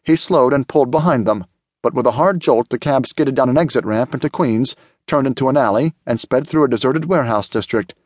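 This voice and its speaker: A man narrating a thriller audiobook in a steady, measured way. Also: mid-range voice, no echo. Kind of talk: scripted narration.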